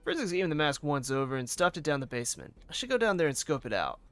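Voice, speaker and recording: A man's voice: big pitch swings, racing, fairly bright tone, soft background music. A man reading a weary, bitter woman detective. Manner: low, weary and resentful.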